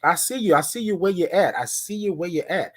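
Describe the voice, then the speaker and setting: A woman's voice: lowish voice, animated, a little fast. A woman hosting a live morning show, greeting viewers in a sing-song way and stretching out her words. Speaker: host.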